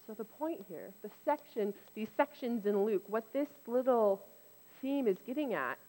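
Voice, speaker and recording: A woman giving a casual, conversational sermon, turning lively when she acts out what others said. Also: fairly high pitch, unhurried. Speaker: preacher. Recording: long reverb in a hall.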